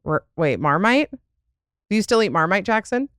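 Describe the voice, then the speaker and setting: A young woman hosting a podcast in a loose, rambling way, dropping "like" all through her talk and laughing often. Her voice sits at a middle pitch and is recorded close and dry. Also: big pitch swings, normal speed, fairly bright tone, smooth, dry recording. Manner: chatty, rambling, lots of "like" and laughs. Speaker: podcast host. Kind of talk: casual chat.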